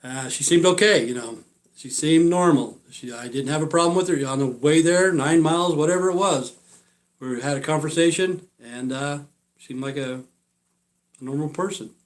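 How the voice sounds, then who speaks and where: A man's voice: fairly high pitch, normal speed. Rambling, profane man in his sixties. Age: 60s. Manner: rambling, filler-heavy, trails off quietly at phrase ends; blunt and profane. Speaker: live-stream vlogger. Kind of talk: casual rambling storytelling.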